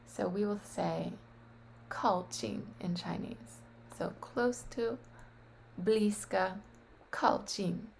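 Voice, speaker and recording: A woman on a webcam practicing vocabulary aloud, tentative and thinking out loud as she sounds out words. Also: mid-range voice, takes it slowly, vocal fry, slight background noise. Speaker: language learner practicing vocabulary. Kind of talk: casual solo practice on webcam. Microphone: webcam microphone.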